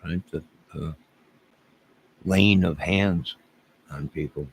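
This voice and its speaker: A man's voice: deep voice, slow, slight background noise. A man around fifty ranting to his livestream chat, rambling and exasperated, repeating himself.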